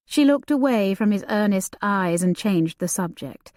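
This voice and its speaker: A woman narrating a historical romance audiobook in a calm, measured way. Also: mid-range voice, dry recording, clean studio sound. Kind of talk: scripted narration.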